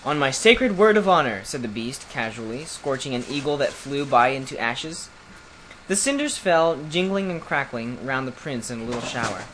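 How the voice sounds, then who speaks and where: An audiobook reader narrating a fairy tale in a lively, expressive way. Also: mid-range voice, moderate pace, slight background noise, poor audio. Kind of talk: storybook narration.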